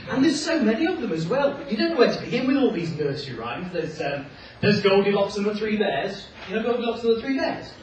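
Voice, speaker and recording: A man doing comic storytelling for children, playful and animated with jokey asides. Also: high voice, moderate pace, crowd noise. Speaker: children's author and performer. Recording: echoey hall, distant mic, dull sound.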